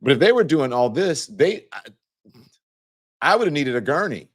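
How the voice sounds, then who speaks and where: A man's voice: a little high, sing-song. A man hosting a talk show, reading a document aloud and adding playful, chatty asides to his viewers. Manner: playful, quick to crack jokes. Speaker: show host. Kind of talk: live news commentary talk show.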